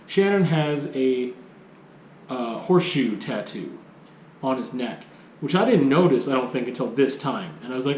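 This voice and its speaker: A man's voice: mid-range voice, lively intonation, normal speed, darkish tone, roomy sound, slight background noise, rough recording. A man giving a casual film review, rambling, with many restarts and rhetorical questions.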